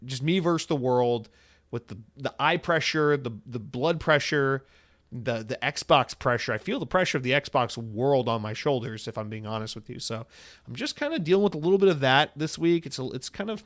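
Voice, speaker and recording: A man around thirty talks alone on his podcast in an easy, rambling way. His pitch sits in the middle for a man. He speaks candidly, swears without a second thought and slips into quick impressions of the people in his stories. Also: expressive, a bit bright. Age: 30s. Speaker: podcast host. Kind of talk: casual solo podcast monologue.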